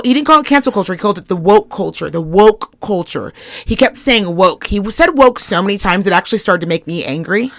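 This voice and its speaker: A woman's voice: mid-range voice, fairly bright tone, dry recording, clean studio sound. A young woman co-hosting a casual podcast, ranting with heavy swearing and acting out the people she quotes. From Reno, Nevada area. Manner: profane, heated, acts out quoted people. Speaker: podcast co-host.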